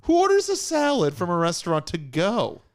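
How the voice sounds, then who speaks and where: A man's voice: sits high, huge pitch swings, moderate pace, no echo. A man hosting a comedy podcast, joking crudely and animatedly as he riffs on a restaurant's dishes and reviews. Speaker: podcast host. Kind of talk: casual comedic banter.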